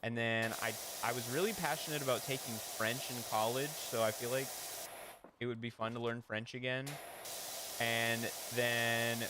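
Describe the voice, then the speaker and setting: A man's voice: medium pitch, fairly even intonation, moderate pace, noisy background. A young man streaming and chatting casually, rambling with lots of fillers and little laughs. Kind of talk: casual chat. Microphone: headset or desk mic with an audio interface.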